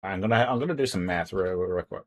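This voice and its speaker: A man's voice: low voice, fast talker. A man chatting casually on a livestream from home, rambling and tripping over his words as he reads out donations. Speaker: streamer. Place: home, indoors.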